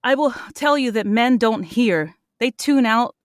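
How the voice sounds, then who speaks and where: A woman's voice: fairly high pitch, expressive, unhurried, dry recording, studio quality. A woman in her forties, a voice actor guest, chatting animatedly and demonstrating vocal tones as she explains. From Puerto Rican heritage. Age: 40s. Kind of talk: casual podcast chat.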